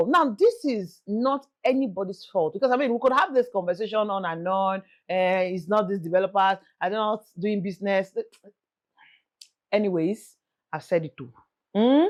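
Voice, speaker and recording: A young woman with a Nigerian accent chats to her viewers in a lively, animated way. Her pitch sits a little high and swings widely as she pleads and jokes. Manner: animated, pleading, mixes in Yoruba phrases. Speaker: real estate vlogger host. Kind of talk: casual chat to camera.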